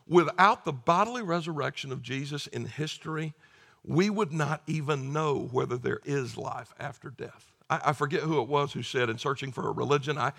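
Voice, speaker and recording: A man's voice: a little high, normal speed, creaky, a bit bright. A man preaching a sermon as pastor, earnest and emphatic, often repeating words as he starts a phrase.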